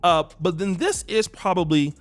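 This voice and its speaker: A man calmly laying out background context in a played commentary clip, with many fillers. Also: sits high, moderate pace, dry recording, soft background music. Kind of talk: explanatory commentary.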